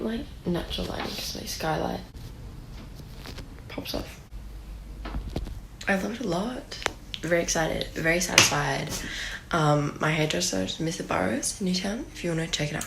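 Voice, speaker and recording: Brief: teen girl vlogger, hushed half-whisper, gravelly low voice, noisy phone recording with clicks. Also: echoey room. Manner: soft, half-whispered, loose and dreamy. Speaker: beauty vlogger. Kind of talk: quiet casual vlog chat.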